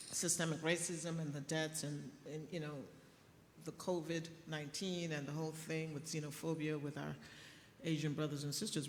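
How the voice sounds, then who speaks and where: Middle-aged woman doc on a panel, chatty storyteller, big echoey hall w/ faint hum. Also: low voice. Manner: animated storytelling with laughs. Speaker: emergency physician panelist. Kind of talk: conference panel talk.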